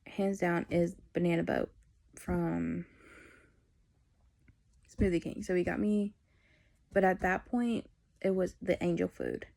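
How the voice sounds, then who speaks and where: Young woman, vlogger, candid and rambling, level delivery, soft warm tone. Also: on the low side, steady tone, slow, gravelly, long pauses. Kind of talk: personal storytelling.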